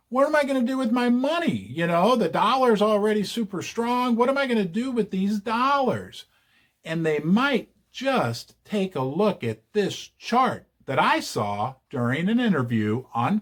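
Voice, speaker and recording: A man hosting his own channel, giving casual investing commentary with chatty, joking asides. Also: on the high side. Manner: chatty and animated, jokey asides. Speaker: channel host.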